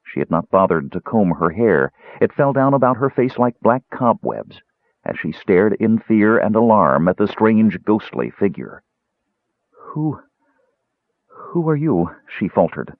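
A man's voice: fairly low pitch, very animated, normal speed, no echo. A man narrating a fantasy audiobook in a dramatic storytelling manner. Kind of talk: scripted narration. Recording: tinny phone-like dry sound.

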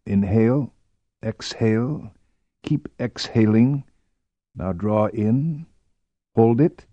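Narrator playing a grave middle-aged doctor, measured and clinical, lower voice, dry, slightly dull audio. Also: male voice, dry recording. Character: middle-aged male doctor, anxious and careful.

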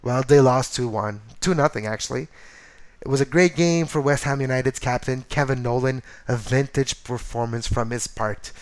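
A man hosting a casual solo soccer podcast, animated and jokey, correcting himself as he goes. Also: mid-range voice. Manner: animated, excitable, jokey asides and self-corrections. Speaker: podcast host.

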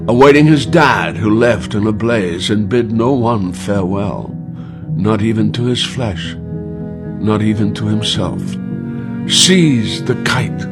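Man, very slow, solemn poetry reading over clear guitar music. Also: mid-range voice. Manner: solemn, measured, softening to a hush. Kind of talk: poetry recitation.

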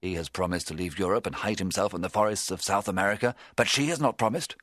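A man narrating a storybook in the first person, in a measured, dramatic way that rises at tense moments. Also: sits low, fairly bright tone, no echo, studio quality. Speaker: audiobook narrator.

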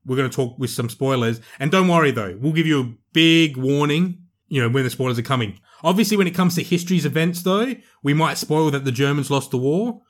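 A man's voice: fairly high pitch, a little fast. A man co-hosting a casual movie review podcast, chatty and emphatic, often restarting his sentences. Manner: chatty, emphatic, self-correcting. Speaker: podcast co-host.

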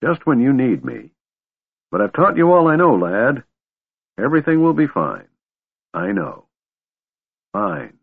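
A man voicing a gruff, fond old male dwarf warrior whose strength is fading, in a storybook reading. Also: medium pitch, big pitch swings, unhurried, pauses often, dry recording, pitched above the performer's own voice, exaggerated voice. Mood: weak gentle. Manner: grumbling, affectionate. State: weak, fading. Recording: dry thin phone-like audio.

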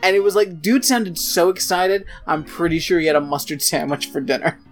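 A man's voice: a little high, steady tone, fairly quick, soft background music. A man co-hosting a casual podcast, telling stories with dry, joking humor. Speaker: podcast co-host.

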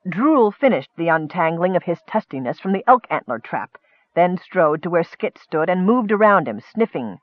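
A man narrating a comic fantasy story in a lively storytelling manner. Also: sits high, moderate pace, no echo, dull audio. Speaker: audiobook narrator. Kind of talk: scripted narration.

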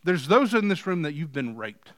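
A male pastor preaching a sermon, moving from quiet scripture reading to loud, emphatic points. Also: on the high side, sing-song, normal speed, dry recording, clean studio sound. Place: church.

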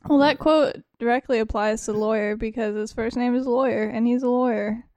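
A woman's voice: a little high, steady tone, brisk, a little mellow, dry recording. A woman co-hosting a comedy podcast, teasing and laughing a lot in casual banter. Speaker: podcast co-host.

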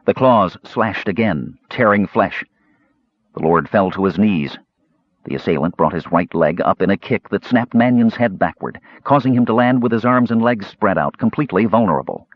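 A man's voice: lowish voice, breathy edge, no room sound. A man narrating a fantasy audiobook with a dramatic, varied delivery. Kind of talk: scripted narration. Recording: dull, dry recording.

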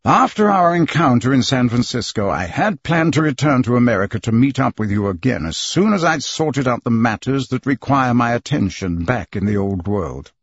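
A man voicing a cold, very polite and unflappable English gentleman in an audiobook reading. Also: mid-range voice, expressive, normal speed, few pauses, slightly rough, no room sound, lo-fi sound. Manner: cold and precise.

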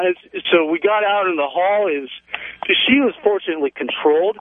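A young man calling in to a talk show, telling a story in a rambling, excited way, full of "man" and "like". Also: sits high, a little fast, a little hiss or hum. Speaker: caller. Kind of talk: phone-in storytelling. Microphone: telephone. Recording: tinny phone line, dry.

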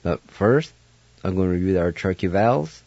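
A man's voice: sits low, lively intonation, brisk, dark tone, no echo, muffled recording. A man hosting a radio language lesson, spelling each word letter by letter and sounding it out syllable by syllable. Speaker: radio host teaching Cherokee words.

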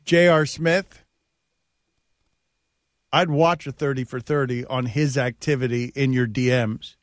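A man's voice: mid-range voice, fairly even intonation, a little slow, dry recording, studio quality. A man hosting a sports talk radio show, telling stories animatedly and laughing at his own bits. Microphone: studio mic.

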